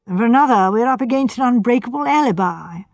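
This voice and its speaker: A woman reading the part of a retired older male police official, measured and thoughtful. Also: fairly high pitch, expressive, dry recording. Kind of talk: audiobook character voice.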